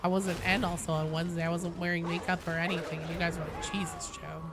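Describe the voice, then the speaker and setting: A woman game streamer with a badly damaged, hoarse voice, coughing now and then as she chats casually with her live chat, rambling and swearing freely. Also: lowish voice, level tone, quick pace, heavy background noise. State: coughing between sentences. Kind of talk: casual livestream chat, answering chat.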